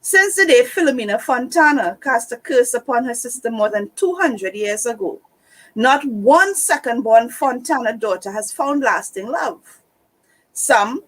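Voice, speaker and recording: A woman reading a book blurb aloud for a book club, steady and correcting her slips. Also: on the high side, unhurried, low-quality recording. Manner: reads steadily, fixes slips.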